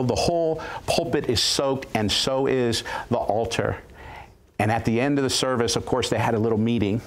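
A male guest preacher telling a story of his ministry with animated, dramatic retelling and quoted voices. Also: medium pitch. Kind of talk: storytelling testimony.

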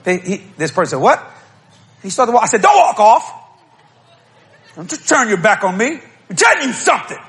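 A middle-aged man preaching a humorous storytelling sermon, acting out quotes and bursting into shouts and laughter. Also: high-pitched, big pitch swings, fast talker.

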